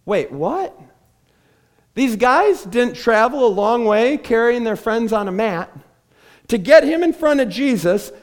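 A man's voice: very high-pitched, very animated, a little slow. A man preaching a sermon from a church stage, telling the story with animation and acting out the voices of the people in it. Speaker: pastor.

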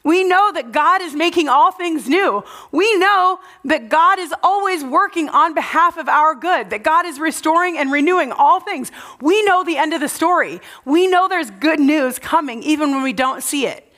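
A young woman preaching a sermon, telling the story earnestly and dropping to a soft, low voice at tender moments. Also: lively intonation, normal speed, few pauses.

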